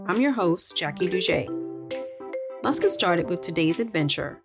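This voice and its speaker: A woman hosting a children's podcast and narrating a story in an expressive read-aloud style. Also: lowish voice, normal speed, over music.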